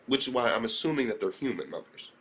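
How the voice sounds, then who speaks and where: A young man talks through an anime episode in a loose, swearing, excitable rush. His voice sits at an ordinary middle pitch, and he keeps breaking into mock impressions of the characters. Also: fast talker. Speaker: anime reviewer. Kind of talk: casual profane recap.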